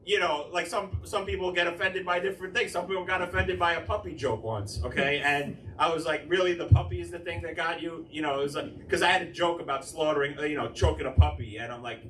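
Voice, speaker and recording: A male stand-up comic works through a raunchy set with a loose, rambling delivery, slipping into little acted-out quotes. His voice sits a bit high for a man. The recording catches him from across an echoey club, with a noisy room under him. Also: fast talker, few pauses, a bit bright, distant mic. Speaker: stand-up comedian. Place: comedy club stage. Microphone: handheld stage mic, recorded from the room.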